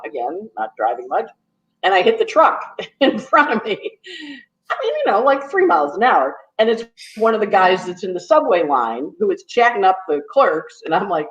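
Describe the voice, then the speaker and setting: A woman astrologer chatting casually as a guest, telling a story quickly and acting out the people in it. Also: medium pitch. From New York. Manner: talks fast when nervous, acts out quotes. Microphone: phone on a call. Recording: echoey, dull phone audio.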